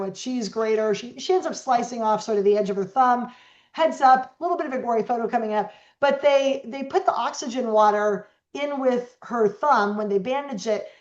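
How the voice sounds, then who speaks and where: A middle-aged woman guest telling stories in an interview, animated and acting out the voices of the people she quotes. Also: a little high. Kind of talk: storytelling interview talk. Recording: echoey, dull lo-fi sound.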